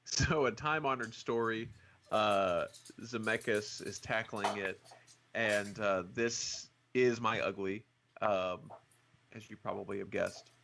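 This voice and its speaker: Low-voiced man with a faint noise bed. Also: slow pace, gravelly. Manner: relaxed, self-deprecating, with hesitant fillers. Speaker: podcast co-host leading the discussion. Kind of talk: casual chat about movies.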